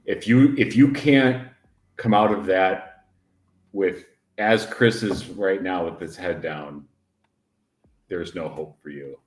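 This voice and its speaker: Slow, echoey-voiced man rambling. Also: sits low. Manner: rambling, emphatic, laughs often. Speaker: podcast co-host. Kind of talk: casual livestream chat.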